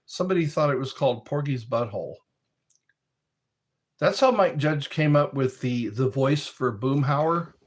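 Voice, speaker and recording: A man's voice: mid-range voice, expressive, a little slow. A man in casual chat, rambling and joking as he reads questions aloud and answers them.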